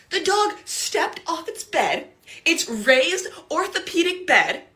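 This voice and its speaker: A woman's voice: very high-pitched, big pitch swings, slow, sharp tone. A woman ranting in casual commentary, profane and exasperated, often laughing as she talks. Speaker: TikTok commentator.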